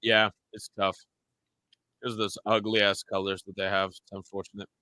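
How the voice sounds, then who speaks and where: A man's voice: fairly low pitch, flat delivery, moderate pace, pushed and bright, no echo. A young man co-hosting a live football watch-along, full of casual jokes, teasing and blunt opinions. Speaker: co-host of a match watch-along. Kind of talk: casual sports banter.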